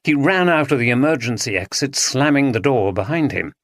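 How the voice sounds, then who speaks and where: Brief: expressive male storyteller, animated delivery, dry studio read. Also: medium pitch, a little fast, no room sound. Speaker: audiobook narrator. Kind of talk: scripted narration.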